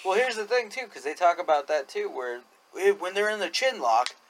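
A man's voice: sits high, expressive, moderate pace, poor audio. A man co-hosting a casual podcast, rambling and laughing often as he jokes around. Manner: laughing, rambling, does goofy voices. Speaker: podcast co-host. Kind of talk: casual chat.

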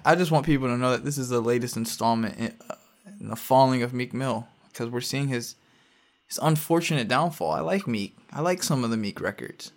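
Guy on a podcast riffing on rap beef, animated, mimics tweets in a mocking voice. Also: medium pitch, fairly quick. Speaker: podcast co-host. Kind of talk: casual hip-hop podcast chat.

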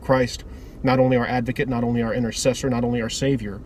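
A man's voice: mid-range voice, flat delivery, quick pace, darkish tone, a little hiss or hum. A man giving an earnest, informal devotional talk that often loops back and restarts its phrases. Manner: earnest, rambling with repeated restarts. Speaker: preacher.

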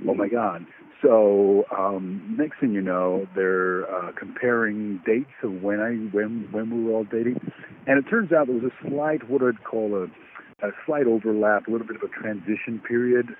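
A man's voice: lowish voice, normal speed. An Australian man calling in to tell a personal story in a rambling way, full of fillers. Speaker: caller. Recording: tinny phone line, faint noise.

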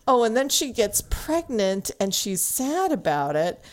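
A woman co-hosting a podcast, chatting casually about a book she read. Her voice sits a little high and swoops widely as she acts out the characters in quick bursts. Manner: animated, acts out characters with big pitch jumps and laughter. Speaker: podcast co-host. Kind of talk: casual chat recapping a romance novel.

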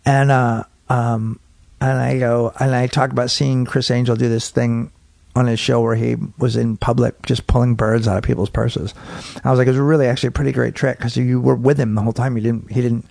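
A man's voice: mid-range voice, fairly quick, creaky, no echo. A middle-aged male comedian telling a long, profane story in casual chat, acting out bits of it. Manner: profane, animated, acts out bits. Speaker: comedian guest. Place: home studio man cave. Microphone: podcast mic.

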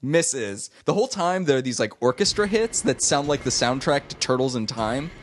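A man's voice: mid-range voice, sing-song, normal speed. A man co-hosting a casual podcast, recapping a TV episode with playful jokes and asides. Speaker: podcast co-host.

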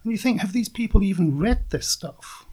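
A man with a fairly high voice argues his case emphatically as a guest in casual political chat. He presses each point with blunt conviction. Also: expressive, normal speed, a little mellow, breathy edge. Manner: emphatic, argumentative.

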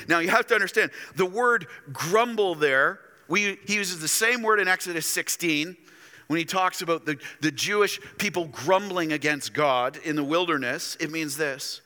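A man's voice: a little high, a little slow, sharp tone. A man preaching a sermon to his church, dramatic and addressing the congregation directly. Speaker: pastor. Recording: echoey church hall.

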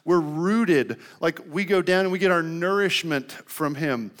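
A man's voice: fairly high pitch, a little slow. A young man preaching a sermon in a loose, conversational way, often saying "like". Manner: conversational, lots of "like" fillers. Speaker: pastor.

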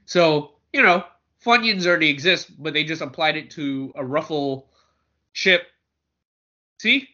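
A man's voice: on the high side, unhurried, long pauses, bright, forceful tone, dull audio. A man co-hosting a podcast in a casual, joking chat, often repeating words as he starts a thought. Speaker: podcast co-host.

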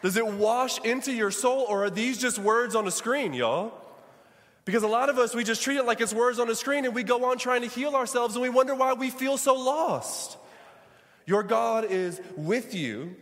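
High-voiced male pastor preaching. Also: moderate pace, a bit bright, long reverb tail. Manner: preaching with call-and-response to the congregation. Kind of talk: sermon.

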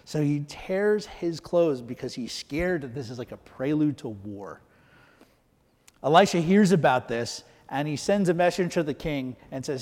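A man's voice: on the high side, animated, normal speed, darkish tone, in a large hall. A man preaching a sermon as pastor, talking conversationally and asking rhetorical questions.

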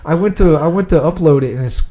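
Brief: man, podcast host, rambling jokey chatter, mellow sound. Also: fairly high pitch, fast. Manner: joking, rambling, animated. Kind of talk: casual chat.

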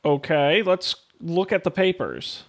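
Gravelly, animated man calling out commands. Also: fairly high pitch. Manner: tentative, directs commands with quick corrections. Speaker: podcast co-host giving game commands. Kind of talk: casual play-through chat.

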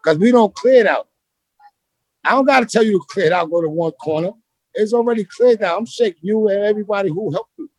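Speaking fast in a high, husky voice, this former street basketball player from Brooklyn, New York is a guest in a casual storytelling interview. His street talk is animated, slangy and rambling.

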